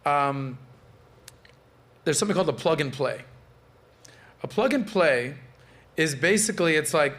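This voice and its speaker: A man in his late thirties hosting a casual panel chat. His voice sits a little high for a man, and he talks in a loose, animated way with swearing. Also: unhurried, long pauses. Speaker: podcast host.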